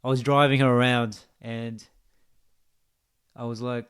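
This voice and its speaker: A man's voice: medium pitch, flat delivery, measured pace, pauses often, clear, resonant tone. A man with an Australian accent, a gaming video creator giving a rambling, mock-philosophical monologue that teases the viewer.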